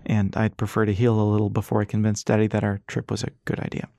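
A man's voice: lowish voice, completely flat delivery, quick pace, gravelly, warm tone, no room sound. A man voicing Callie, a composed young woman in an audiobook, matter-of-fact in tone.

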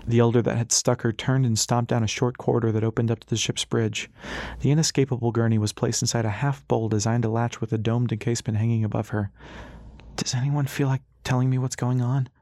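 Man, audiobook narrator, mid-pitched voice, dry close recording, story reading. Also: little pitch movement, fast, a little mellow, dry recording. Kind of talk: scripted narration.

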